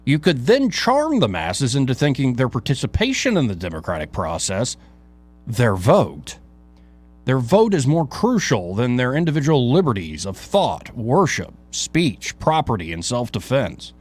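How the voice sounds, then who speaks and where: A male talk show host reading his own opinion piece aloud in an emphatic, rhetorical way, with dramatic pauses and casual asides. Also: medium pitch, huge pitch swings, a little mellow, faint music behind.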